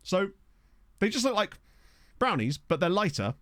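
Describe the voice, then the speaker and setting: A man's voice: high-pitched, very animated, normal speed, fairly bright tone, no room sound. A young man chatting casually through a game livestream, jokey, sometimes eating as he talks. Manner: chatty and jokey, talking with his mouth full, laughing often. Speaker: streamer. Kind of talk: casual gaming livestream chat. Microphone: desk microphone.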